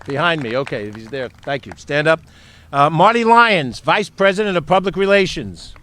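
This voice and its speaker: A man with a slightly high voice, a county executive, thanks people one by one at an outdoor stadium reopening. Faint noise sits under the recording. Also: lively intonation, normal speed, bright, forceful tone. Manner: reads out names and thanks them. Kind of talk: ceremony speech.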